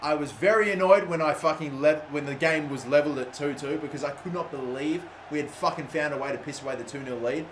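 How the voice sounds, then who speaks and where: A young man giving live commentary over a football video game, excitable and swearing loudly at the game. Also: fairly high pitch, fast talker, few pauses, a little hiss or hum. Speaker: gaming YouTuber.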